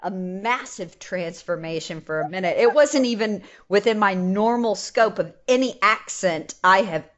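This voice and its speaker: A woman with a Texas accent hosts a history podcast in a loose, chatty way. She tells her stories with a lively, animated manner. The audio sounds a little dull and muffled. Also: mid-range voice, moderate pace, few pauses. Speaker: podcast host. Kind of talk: casual chat.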